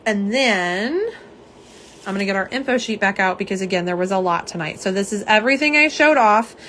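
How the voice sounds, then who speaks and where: A young woman hosting a casual live stream, slightly hoarse, chatty and self-deprecating as she talks to viewers. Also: mid-range voice, animated, fairly quick, fairly bright tone, slight background noise. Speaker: live stream host showing nail polish swatches.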